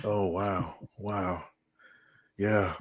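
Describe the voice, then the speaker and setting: A man's voice: low-pitched, steady tone, drawn-out words. A man hosting a podcast, reacting to his guest's stories with brief amused interjections before asking his next question. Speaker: podcast host. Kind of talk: casual interview.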